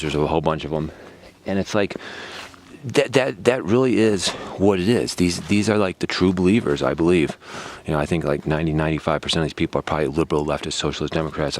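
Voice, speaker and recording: Heated deep-voiced man ranting. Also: fast talker. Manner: repetitive, heated, sarcastic. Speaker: political vlogger. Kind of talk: ranting monologue.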